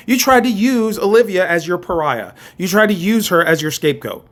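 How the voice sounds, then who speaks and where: A man with a high-pitched voice rants on his own commentary channel. He talks with heated conviction, stumbling over restarts and hammering the same phrases again and again. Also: animated, brisk, hardly any pauses, fairly bright tone. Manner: impassioned, repetitive, stammering restarts. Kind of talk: opinionated commentary rant.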